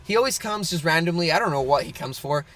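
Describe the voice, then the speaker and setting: High, lively young podcast storyteller man. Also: fast talker. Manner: rambling, full of "like" and restarts, laughs often. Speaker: podcast co-host. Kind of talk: casual storytelling chat.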